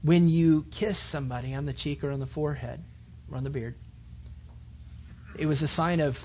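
A man's voice: a little high, fairly even intonation, fairly quick, pauses often, slight background noise. A man preaching a conversational sermon, rambling casually and peppering his talk with "you know" and "man". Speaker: pastor. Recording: dull lo-fi recording.

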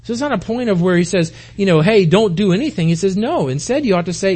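With a high, darkish voice and lively intonation, a pastor from the United States in his forties talks fast with few pauses. He gives a conversational, folksy sermon in a church hall, asking his congregation plenty of rhetorical questions.

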